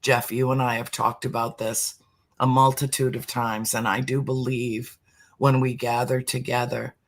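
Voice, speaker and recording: A middle-aged man speaks in a mid-range voice during a heartfelt spiritual conversation. He talks slowly and deliberately, at times dropping to a near-whisper for emphasis.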